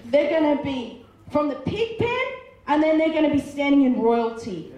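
A woman's voice: high voice, sing-song, normal speed, warm tone, highs cut off. A woman preaching a sermon, impassioned, retelling a story and voicing its characters. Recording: very echoey hall.

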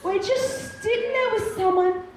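High-voiced woman preaching in an echoey hall. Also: measured pace, crowd noise. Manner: emphatic, repeating words for effect. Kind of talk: sermon with Bible reading. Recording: echoey room with faint ambience.

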